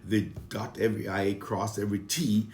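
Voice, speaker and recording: A man's voice: lowish voice, little pitch movement, moderate pace, a little mellow, reverberant. A man from Saint Vincent with a Vincentian accent, a comedian talking casually and earnestly about his upbringing, sometimes getting heated. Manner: earnest, heated at times, with many fillers and restarts.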